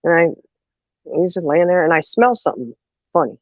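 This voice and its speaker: A woman's voice: lowish voice, brisk, no room sound. A woman hosting a casual chat, telling family stories with lots of laughter and "you know"s, acting out the voices of the people in them. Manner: lively storyteller who acts out quotes, laughs often, says "you know" a lot. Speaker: host. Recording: dull, muffled audio.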